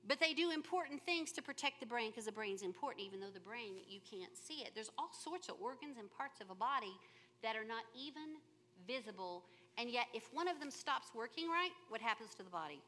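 High, bright-voiced woman preaching. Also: fairly quick, slight background noise. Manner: animated, humorous storytelling. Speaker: church speaker. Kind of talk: sermon.

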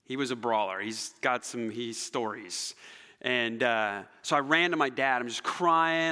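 A male pastor preaching a sermon, telling stories dramatically and swinging between loud emphasis and near-whispers. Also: mid-range voice, a little slow, clean tone. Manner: animated, dramatic storytelling with shifts between loud and soft. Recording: long hall reverb.

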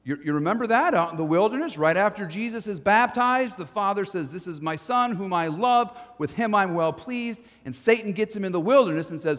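A man preaching a sermon as pastor, swinging from loud to hushed. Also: high-pitched, expressive, fairly quick, hardly any pauses. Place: church sanctuary. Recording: long church reverb.

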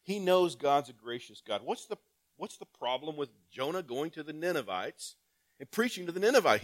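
Male pastor, sermon, rhetorical questions, loud emphatic calls and hushed asides. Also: fairly high pitch, very animated, normal speed, crowd noise. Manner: preaching with big swings between loud emphatic calls and quiet asides; reads scripture aloud and asks the congregation rhetorical questions.

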